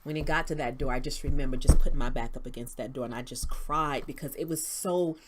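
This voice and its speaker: Low-voiced woman giving earnest testimony. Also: fast, heavy background noise. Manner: earnest, faith-driven storytelling, dropping to a hush at tense moments. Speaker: interview guest, founder of a women's outreach. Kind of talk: personal testimony in an interview.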